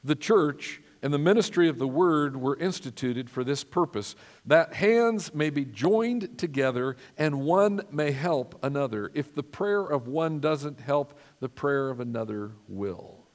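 A man's voice: on the high side, expressive, unhurried, hardly any pauses. A man pastor preaching a sermon in an earnest, emphatic way, asking the congregation for responses. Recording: long reverb of a church hall.

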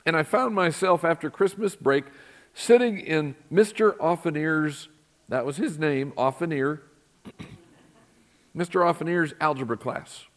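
A man's voice: a little high, unhurried. A middle-aged man preaches in a church with a slightly raised voice. He keeps it conversational and keeps turning to the congregation with questions. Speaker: pastor. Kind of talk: sermon. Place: church sanctuary.

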